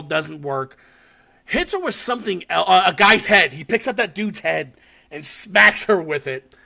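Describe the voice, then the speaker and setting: Co-hosting a podcast, a man with a high, gravelly voice excitedly recaps a horror short in casual conversation, swearing a lot and laughing as he goes.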